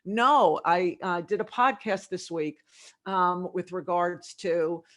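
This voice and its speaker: A woman's voice: lowish voice, slow pace. A middle-aged woman, a leadership consultant, talking in a podcast interview and acting out conversations as she tells stories. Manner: animated storytelling with quoted dialogue.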